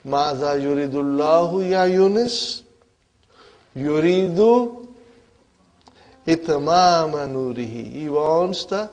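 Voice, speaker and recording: Slightly mellow yet on the higher side, the man's voice leads an Arabic grammar lesson. He quizzes the class often and keeps asking if they follow along. English and Arabic alternate in his explanations.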